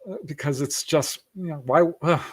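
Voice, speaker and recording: Slightly high with a breathy edge and an unhurried, moderate pace, this middle-aged man shares a story as a guest on a podcast. It's a casual storytelling interview, full of acted-out quotes and frequent laughter.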